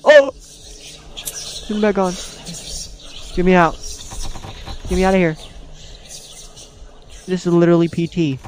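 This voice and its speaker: A man's voice: high voice, steady tone, a little slow, long pauses, a little mellow, slight background noise. A young man hosting a horror game let's play, easily startled and talking to himself and his viewers as he goes. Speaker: gaming channel host.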